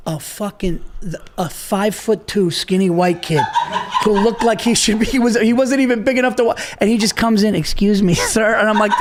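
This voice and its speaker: High-voiced brash comedian, swearing. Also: male voice, background noise. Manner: brash, swearing, emphatic storyteller. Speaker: stand-up comedian. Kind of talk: podcast chat.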